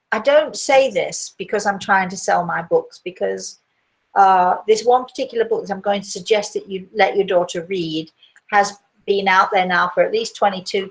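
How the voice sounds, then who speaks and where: An older woman speaking as a spiritual medium, answering listener questions in a gentle, rambling chat full of fillers and restarts. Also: mid-range voice, poor audio. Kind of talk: casual live chat.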